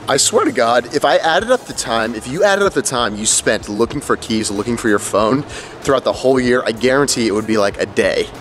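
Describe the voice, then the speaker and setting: Medium-pitched and fairly bright, a young man's voice moves briskly with lively intonation as he vlogs about fitness to camera. His casual talk rambles, full of "like" and "um," and the echoey room has faint background music.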